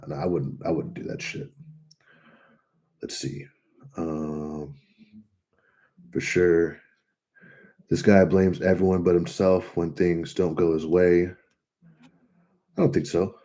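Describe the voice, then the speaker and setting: In a casual livestream chat, a young man from California answers comments as a trucker vlogger, his low-pitched voice slightly rough. His storytelling is animated, blunt, and heavily profane.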